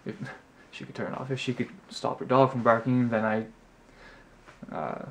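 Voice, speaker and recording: A young male vlogger, speaking at a measured pace with vocal fry and a flat delivery, rambles through an exasperated, chatty story. He's filming on his camera mic in his apartment at night and slips into a high voice when mimicking others.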